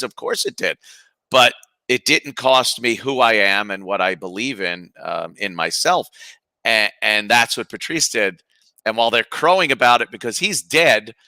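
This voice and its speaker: A man's voice: lowish voice, dry recording. A middle-aged man chatting casually as a podcast guest, telling stories with lots of fillers and imitating other people. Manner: animated storyteller, mimics others, frequent fillers. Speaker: podcast guest, radio host. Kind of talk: casual chat.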